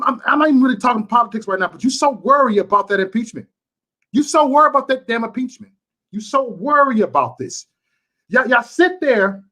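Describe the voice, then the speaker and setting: Man, fired-up livestream rant, higher-pitched voice, hammers points over and over. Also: a bit bright. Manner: impassioned, repetitive, emphatic. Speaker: YouTube livestreamer. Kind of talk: ranting livestream to chat.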